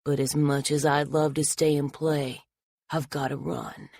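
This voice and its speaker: A man's voice: fairly high pitch, flat delivery, measured pace, vocal fry, a little mellow, no room sound. A woman voicing a menacing hooded knife attacker. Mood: creepy. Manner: threatening, coldly creepy.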